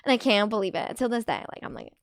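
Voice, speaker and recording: A woman streamer chatting casually on a live stream, giggly and quick with asides, leaning on "like" a lot. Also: on the high side, lively intonation, a little hiss or hum.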